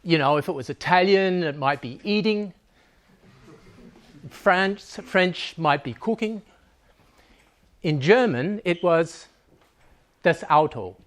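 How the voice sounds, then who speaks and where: A man giving a humorous talk to a live audience, joking and conversational, laughing at his own lines. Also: a little high.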